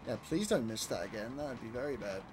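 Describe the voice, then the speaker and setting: Loud, excitable young British man. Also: medium pitch, quick pace, background noise. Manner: loud, excitable, swears casually. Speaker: speedrunner streaming a racing game. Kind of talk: casual live commentary over gameplay. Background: game music and engine sounds.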